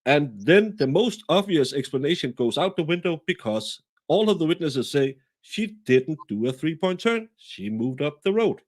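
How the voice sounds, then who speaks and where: A man with a Danish accent, talking through a case in a casual, animated, self-deprecating way, often restarting his sentences. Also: a little high, normal speed, few pauses. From Denmark. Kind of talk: casual true-crime discussion.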